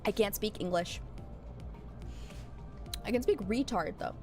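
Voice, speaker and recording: A young woman chats casually while streaming a game, cracking crude jokes and rambling between lines. Her voice sits at an ordinary pitch, and faint music plays behind. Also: unhurried. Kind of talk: casual livestream commentary.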